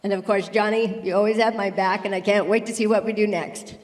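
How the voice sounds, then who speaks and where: A woman's voice: mid-range voice, little pitch movement, brisk. Effusive woman in a reverberant tent. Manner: effusive, grateful, lists many names. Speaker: award inductee giving acceptance speech. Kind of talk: emotional acceptance speech. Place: large circus tent.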